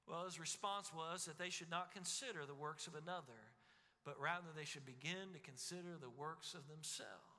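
A man's voice: on the high side, normal speed, pushed and bright. A man preaching a sermon as pastor, with emphatic repeated phrases that rise and fall. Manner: preaching with emphatic repetition, rising and falling. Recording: long hall reverb.

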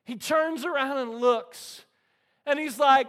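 High-voiced preaching man. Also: slow, noisy background. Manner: animated storytelling, frequent "right?" to the congregation. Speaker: pastor. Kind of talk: sermon.

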